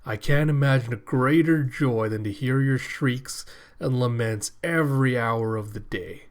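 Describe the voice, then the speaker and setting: A man doing a slow booming cyborg villain. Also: natural voice. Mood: gloating. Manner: slow, booming, cackling threats. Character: gloating monstrous male cyborg villain.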